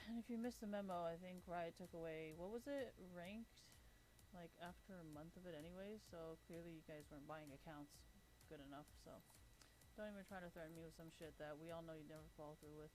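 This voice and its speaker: A woman's voice: lowish voice, brisk, background noise. Blunt, foul-mouthed woman streamer. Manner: blunt, heavily profane, complaining. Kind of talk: casual live-stream chat while gaming.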